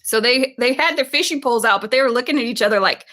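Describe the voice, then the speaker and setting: Chatty woman from Virginia co-hosting a stream, bright and slightly high, reads out viewer comments. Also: quick pace. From Virginia, USA. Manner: chatty, laughs often. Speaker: livestream co-host reading viewer comments. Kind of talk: casual chat.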